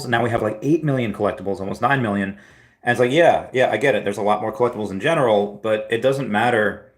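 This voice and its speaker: Male livestream host, a bit low-pitched, loose and rambling delivery with frequent restarts. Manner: rambling, restarts and repeats words. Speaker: livestream host answering chat. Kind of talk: casual livestream chat.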